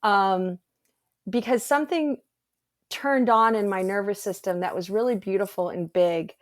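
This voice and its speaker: A woman, guest and energy healer, telling a personal story in an animated, earnest way on a video call. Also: medium pitch, measured pace, dry recording, studio quality. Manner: animated, earnest, rambling with fillers. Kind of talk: casual storytelling conversation.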